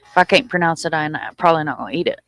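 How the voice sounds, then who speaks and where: A woman's voice: sits low, very fast, a bit bright. A woman co-hosting a casual livestream, chatting bluntly with casual swearing.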